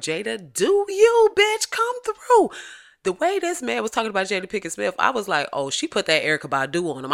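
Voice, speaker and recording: A woman hosting a podcast, chatting casually about celebrity gossip in an animated, profane, joking way and laughing often. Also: low voice. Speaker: podcast host.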